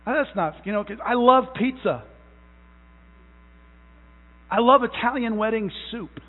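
Young male pastor, emphatic sermon delivery, halting repeats, long church reverb. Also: very high voice. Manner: emphatic, stretches out key words; repeats phrases, halting restarts. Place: church sanctuary. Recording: tinny phone-like sound in a long-echo hall.

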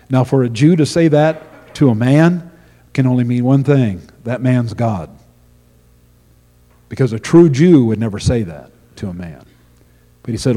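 A man's voice: a little high, animated, normal speed, dark tone, long reverb tail. A man preaching a sermon with earnest storytelling, often repeating his words as he goes. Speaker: pastor.

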